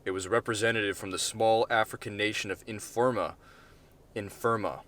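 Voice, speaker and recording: A man reads his own short story in a deadpan storytelling voice. He drifts into casual, offhand asides now and then. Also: lowish voice, brisk.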